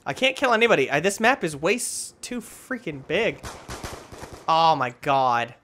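A young man hosting gameplay commentary, swinging between loud outbursts and low muttering while he plays. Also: big pitch swings, measured pace. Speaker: gaming channel host.

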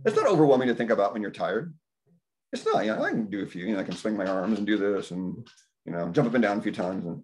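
A low-voiced man in his fifties talks in a loose, rambling way, his pitch swinging widely as he tells stories. He jumps into higher voices to act out his own thoughts and reactions. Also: big pitch swings, fast, darkish tone, a little hiss or hum. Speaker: health practitioner speaking at a community dinner. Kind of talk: rambling casual talk. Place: indoor community dinner gathering.

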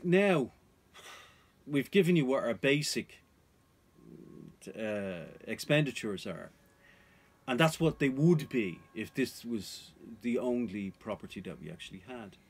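A man's voice: medium pitch, slightly rough. A man vlogging about off-grid life, talking to viewers in an earnest, cautionary way. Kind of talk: casual advice to viewers.

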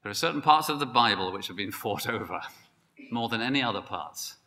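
A man preaching a sermon, emphatic and building to excited peaks. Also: lowish voice, brisk, a little hiss or hum. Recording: long hall reverb.

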